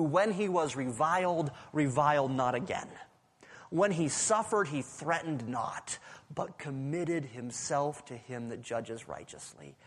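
A male pastor preaching a sermon, swinging between loud urgent passages and hushed, near-whispered lines. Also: on the high side. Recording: preaching in a large reverberant hall.

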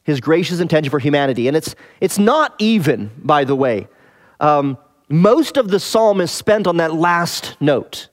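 A man preaching an expository sermon, explaining scripture in a measured, teacherly way and pausing to rephrase. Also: on the high side, lively intonation.

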